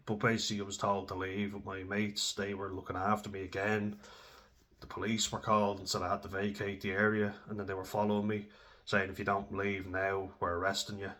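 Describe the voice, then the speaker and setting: A man's voice: on the low side, a bit bright. A young Irish man telling candid, sweary stories about his own drinking, casual and self-deprecating. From Ireland. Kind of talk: candid personal storytelling.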